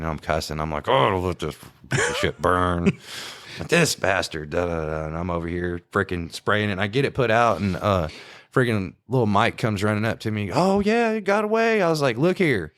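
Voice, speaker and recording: A man's voice: low-pitched, normal speed, a bit bright, dry recording. A man, co-hosting a podcast and telling rambling, profane stories of police work with plenty of laughs. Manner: rambling, profane, laughing, mimics others' voices. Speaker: podcast co-host, small-town police officer. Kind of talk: casual storytelling chat.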